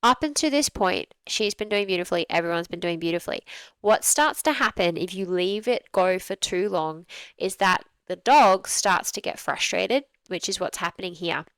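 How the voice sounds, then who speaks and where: A woman's voice: fairly low pitch, animated, moderate pace, clear, resonant tone, dry recording, rough recording. A woman dog trainer giving a conversational commentary on a training video, explaining things through acted-out examples.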